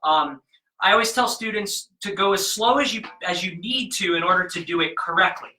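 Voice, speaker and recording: A man's voice: high-pitched, brisk, pushed and bright, echoey room, poor audio. A man leading a drumming lesson, talking learners through patterns and counting the beats aloud in an encouraging way. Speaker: drumming instructor.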